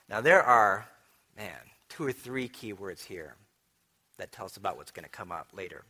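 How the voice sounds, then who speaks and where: Male pastor, bright and forceful tone, animated sermon delivery with big jumps in volume. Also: lowish voice, moderate pace. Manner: animated teaching with wide swings in loudness. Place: church.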